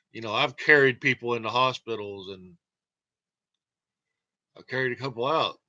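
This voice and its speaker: A man's voice: medium pitch, sharp tone, no room sound. A man telling a rambling, jokey monologue to camera and laughing often. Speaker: vlogger.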